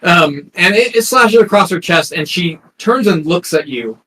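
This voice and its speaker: A man's voice: high-pitched, animated, normal speed, bright, forceful tone, poor audio. A man narrating a tabletop game as game master, hesitant and full of ums and restarts.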